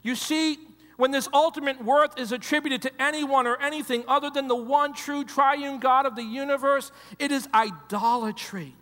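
Male pastor, high voice, preaching in a church hall with a long echo. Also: fairly even intonation, normal speed. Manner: preaching with repetitions, swings from loud emphasis to hushed. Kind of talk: sermon. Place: church sanctuary.

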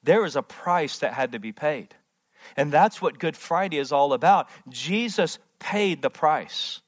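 A man preaching a sermon in a church as pastor, impassioned and repetitive, swinging from loud emphasis to hushed tones. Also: on the high side, expressive, unhurried. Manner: repeats words, restarts phrases.

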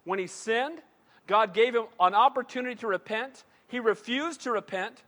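A man's voice: very high-pitched, normal speed, sharp tone. A man preaching as pastor, emphatic, often asking the crowd "Amen?" and acting out the voices of the people in his story. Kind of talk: sermon. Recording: long reverb of a large hall.

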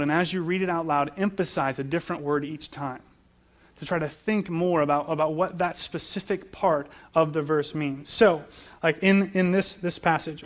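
A man preaching a sermon, earnest and explanatory, often repeating words as he builds each point. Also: fairly high pitch. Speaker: pastor.

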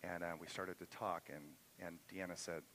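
Bright-voiced middle-aged male pastor preaching. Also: low-pitched, little pitch movement, moderate pace, slight background noise, poor audio. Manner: personal storytelling, rising to impassioned emphasis. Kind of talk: sermon. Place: church sanctuary.

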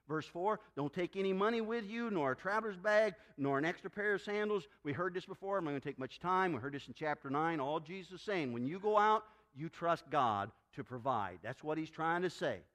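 Male pastor, fairly high voice, very lively pitch, sermon delivery that acts out voices. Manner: animated preaching, acts out quoted voices.

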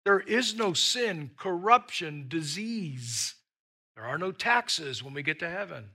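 A man's voice: fairly high pitch, animated, takes it slowly, pushed and bright, husky. A man preaching a sermon as pastor, emphatic and repeating himself for stress. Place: church with an online audience.

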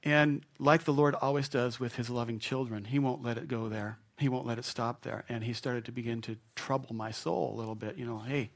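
A middle-aged male pastor tells a personal story from the pulpit. He is animated and self-mocking, and he keeps chuckling at himself. His voice is of middle pitch. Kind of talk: storytelling sermon.

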